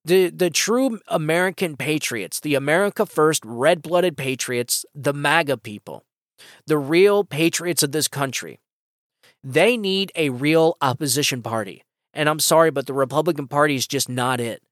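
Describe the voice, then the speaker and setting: A man's voice: fairly high pitch, normal speed, fairly bright tone, no room sound. A man with a slightly raised voice delivers a solo political opinion monologue on his podcast. He talks with emphatic, impassioned drive and keeps restarting his sentences as he goes. The sound is dry and close on a podcast mic. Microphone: podcast microphone.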